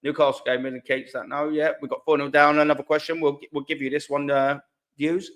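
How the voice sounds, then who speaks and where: A man's voice: on the high side, level tone, fairly quick, fairly bright tone. Laid-back slangy man hosting a live stream. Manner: laid-back, slangy, reads chat aloud. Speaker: host of a live fan stream. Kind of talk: casual live-stream chat.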